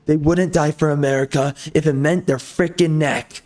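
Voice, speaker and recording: A man's voice: a little high, fairly even intonation, normal speed, darkish tone. Angry sarcastic man ranting over gameplay. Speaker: gameplay video host.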